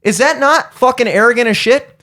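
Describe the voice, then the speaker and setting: A man's voice: very high voice, fairly quick, pushed and bright. A young man hosting a podcast, telling a heated, profane story as a comedic rant and acting out both sides of it. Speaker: podcast host.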